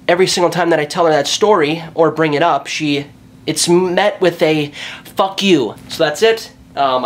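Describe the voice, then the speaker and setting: Young male vlogger, casual story time, lively and foul-mouthed. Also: fairly high pitch. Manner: animated, profane, jokey storytelling.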